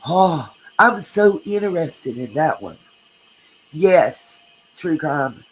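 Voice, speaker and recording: A woman's voice: deep voice, expressive, takes it slowly, rough recording. A woman hosting a true crime livestream, chatting casually, reading comments and thanking viewers by name.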